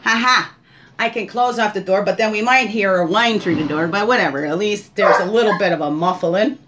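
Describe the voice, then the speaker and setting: A woman hosting a spiritual guidance session reads oracle cards at home in an unhurried, meandering way. Her voice sits in a middle pitch, and she keeps turning to the listener with questions. A faint hiss runs under the recording. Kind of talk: casual oracle card reading.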